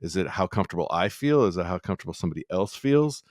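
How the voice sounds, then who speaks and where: A chef on a podcast musing about himself in a rambling, self-questioning way. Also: male voice, low-pitched, animated, racing, a little mellow, no room sound, studio quality. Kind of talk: candid podcast conversation.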